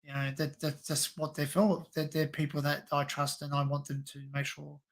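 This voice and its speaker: A man's voice: fairly high pitch, completely flat delivery, normal speed, gravelly. A middle-aged Australian man hosting a casual livestream chat, rambling with lots of fillers and restarts. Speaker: livestream host.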